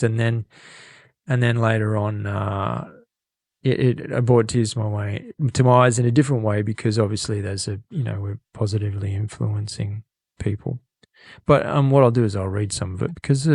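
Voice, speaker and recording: Gravelly man reading listener mail. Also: medium pitch, darkish tone, no echo, clean studio sound. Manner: rambling, laughing, self-correcting. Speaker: podcast co-host. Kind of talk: casual podcast chat reading a listener email. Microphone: studio microphone.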